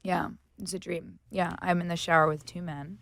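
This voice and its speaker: A woman in her twenties, a guest actress in a casual chat, telling jokey stories with laughs and quick voices for the people in them. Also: fairly low pitch, level tone, creaky, fairly bright tone, no room sound, clean studio sound. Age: 20s. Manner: jokey, laughing, acts out other people's lines.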